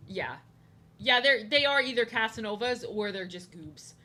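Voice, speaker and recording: Bright-voiced woman chatting while drawing. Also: on the high side, animated, moderate pace. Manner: rambling, jokey, repeats herself. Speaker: streamer. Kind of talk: casual chat while drawing. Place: home, indoors.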